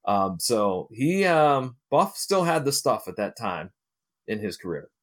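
A man's voice: on the low side, very animated, a little slow, a bit bright. A middle-aged man from Ohio, a guest telling a long story casually, rambling with fillers and restarts. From Ohio, United States. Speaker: interview guest, wrestling manager and promoter.

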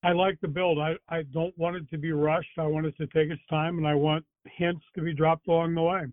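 Higher-voiced man on a tinny line. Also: little pitch movement, fairly quick, dry recording. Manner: brief, agreeable remarks. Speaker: podcast co-host. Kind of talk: casual chat. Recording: tinny phone-like line, dry.

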